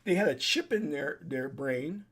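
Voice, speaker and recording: Recorded on a desk webcam, this male online commentator has a fairly high, husky, fairly bright voice that is expressive and measured in pace. His solo warning to camera is urgent and preachy, full of repeated points and restarted sentences.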